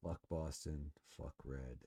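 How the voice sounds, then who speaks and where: This man hosts a casual solo sports podcast, smoking while he rambles along with plenty of fillers and curses in a relaxed way. He speaks slowly in a rumbling low voice.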